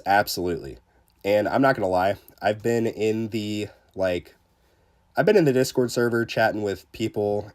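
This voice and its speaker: A man with a somewhat low voice gives casual live commentary while streaming a game. He chats loosely, with plenty of fillers, greets his viewers and jokes at his own expense. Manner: chatty, many fillers, greets chat viewers; self-deprecating and excitable. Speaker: livestreamer.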